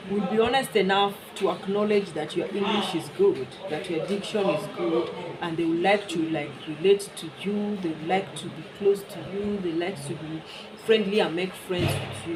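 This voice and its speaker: A woman's voice: lowish voice, normal speed, background noise. A woman from Kenya with a Kenyan accent, talking frankly and bluntly in a casual vlog monologue. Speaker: vlogger.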